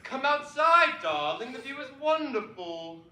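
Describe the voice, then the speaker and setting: A woman's voice: high-pitched, very animated, measured pace, pushed and bright, exaggerated voice. A girl playing a coaxing amorous husband. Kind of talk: stage play performance. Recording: echoey auditorium.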